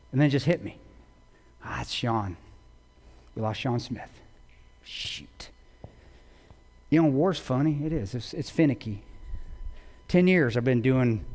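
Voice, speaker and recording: A man giving a talk to an audience, telling a war story with intensity, swinging between loud bursts and hushed low lines. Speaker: guest speaker. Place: large auditorium. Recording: long hall reverb.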